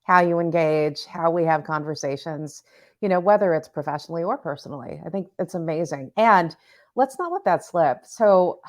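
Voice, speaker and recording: A woman's voice: fairly low pitch, normal speed. A woman hosting a podcast interview, chatting casually and cheering her guest on with short interjections. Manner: warm encouraging interjections, "I love it". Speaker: podcast host.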